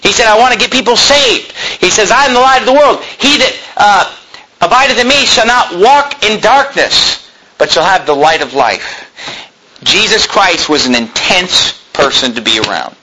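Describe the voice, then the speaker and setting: A man preaching a fervent sermon in a high, bright, forceful voice. He drives hard through his points, climbing into near-shouts when he quotes, and restarts words as he rushes on. A faint hiss sits under the recording. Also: expressive, rough recording. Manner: intense preaching, rising to shouts when quoting, with stammered restarts. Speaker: pastor.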